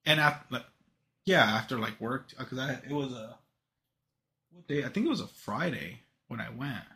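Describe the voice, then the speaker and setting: Lively young man, bright teasing voice. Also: mid-range voice, normal speed. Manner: joking, profane, teasing. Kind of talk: casual chat.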